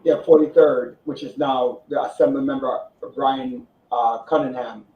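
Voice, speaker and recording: A man hosting a radio talk show, asking questions with many pauses and false starts. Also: mid-range voice, fairly even intonation. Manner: hesitant, many fillers and restarts. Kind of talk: radio interview. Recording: roomy, dull broadcast sound.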